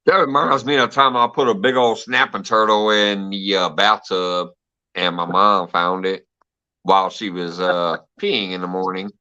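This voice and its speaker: A man's voice: sits low, fairly even intonation, moderate pace, pushed and bright. A man hosting a casual live stream, telling stories with lots of laughter and swearing. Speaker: host. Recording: dull lo-fi stream audio.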